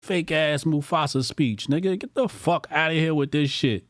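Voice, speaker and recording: A man's voice: on the high side, moderate pace, dry recording, clean studio sound. A man hosting a casual commentary show, brash, profane and mocking.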